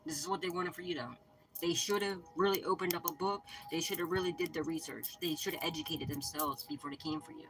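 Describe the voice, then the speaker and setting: Low-voiced profane spiritual woman. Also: fairly even intonation, fast talker, noisy background. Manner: profane, emphatic, repeats reassurances. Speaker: spiritual reader and channel host. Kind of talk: casual spiritual pep talk to viewers.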